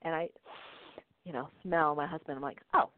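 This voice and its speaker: This woman hosts a talk show and, as an intuition teacher and podcaster, shares casual stories with frequent laughs and "right?" check-ins. She speaks low and steady at a normal speed. Her recording is dry, phone-like and narrow, with no room sound.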